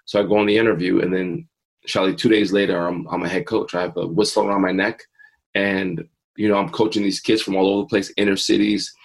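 Guest in his forties, deep husky male voice, earnest personal storytelling in an interview. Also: little pitch movement, fast, rough recording. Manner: earnest, plays his own past thoughts. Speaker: interview guest, mindset coach.

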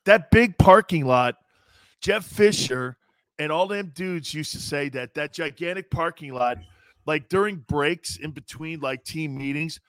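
Man, former player, sports talk co-host, bright tone, fairly high voice, laughing storyteller. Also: unhurried, no room sound. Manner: laughing often, acts out quotes of coaches.

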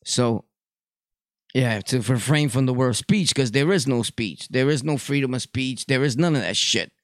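Speaking in a mid-range, expressive voice at normal speed, this Puerto Rican man hosts a podcast and launches into a blunt, profane, casual monologue full of street talk. The studio-quality audio carries no room sound.

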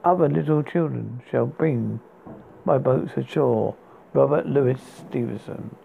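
Gravelly man reading poems over a tinny line. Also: medium pitch. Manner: halting, stumbles and restarts words. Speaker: podcast host. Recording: tinny phone-like sound with faint hiss.

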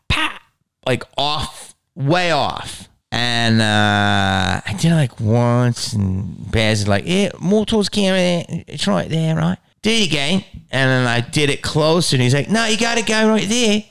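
Profane, gravelly man telling stories. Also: fairly low pitch. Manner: profane, animated, acts out quotes in voices. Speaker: podcast host. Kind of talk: casual storytelling monologue.

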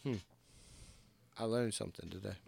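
A man's voice: fairly low pitch, moderate pace, creaky, a little mellow, dry recording. A man co-hosting a podcast, joking and asking quizzical questions in casual chat. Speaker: podcast co-host.

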